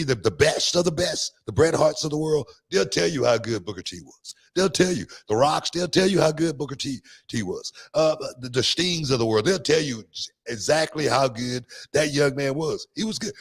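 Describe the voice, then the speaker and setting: A man's voice: a little high, expressive, moderate pace, gravelly. A man hosting a podcast in casual chat, talking emphatically and self-assuredly and repeating phrases for stress. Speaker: podcast host.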